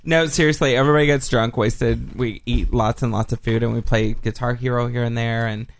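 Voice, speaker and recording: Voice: mid-range voice, fairly even intonation, fairly quick, creaky. A radio-show host chatting casually, with a campy, joking manner.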